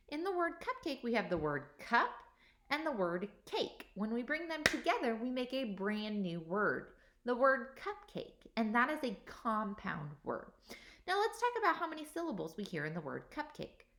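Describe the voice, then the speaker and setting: Animated woman teaching young children. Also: a little high. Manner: slow, patient, sounding out each vowel. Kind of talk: recorded workbook lesson for young children.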